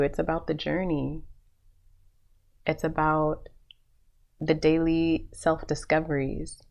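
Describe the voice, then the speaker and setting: Low, gravelly woman giving a card reading. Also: a little mellow, highs cut off. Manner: soothing, repetitive, affirming, with frequent laughs. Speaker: intuitive card reader. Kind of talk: spiritual tarot reading for viewers.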